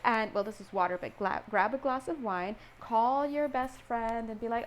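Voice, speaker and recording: Animated woman giving a playful tarot reading. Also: a little high, moderate pace, few pauses, a little hiss or hum. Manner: animated, playful, acts out little scenes and laughs often. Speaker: tarot reader.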